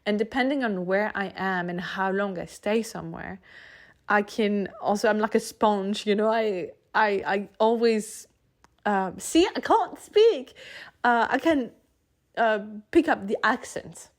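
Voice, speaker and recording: A woman's voice: mid-range voice, unhurried. French-accented woman, solo podcast host; casual, tangent-prone, laughs a lot, slightly stuffy nose. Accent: French, mixed with other influences. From France.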